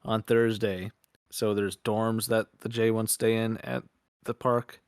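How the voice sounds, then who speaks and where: Low-voiced young man telling crude stories. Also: level tone, measured pace, clear, resonant tone, dry recording, studio quality. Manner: crude, rambling storyteller, swears often. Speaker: podcast co-host. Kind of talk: casual chat.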